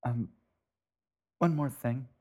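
A man's voice: mid-range voice, slow pace, dark tone. A man reading the lines of a polite, tentative young brother in an audiobook.

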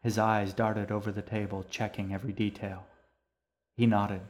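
A man narrating a story for an audiobook in a calm, measured way. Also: on the low side.

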